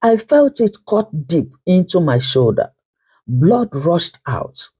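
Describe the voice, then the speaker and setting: Slow, husky woman storyteller. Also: on the low side, very animated, mellow. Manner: slow, emotional, dramatic telling. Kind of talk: dramatic first-person story narration.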